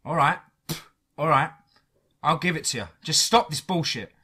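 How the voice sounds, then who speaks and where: A man's voice: a little high, lively intonation, moderate pace, sharp tone, slightly rough, pitched above the performer's own voice, heavily acted. A man voicing an angry, defiant young man, cornered in a horror story. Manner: defiant, heated.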